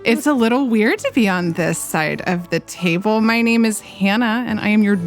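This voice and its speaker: A woman's voice: fairly high pitch, animated, moderate pace, faint music behind. A woman hosting as game master, introducing the players in a playful, upbeat way.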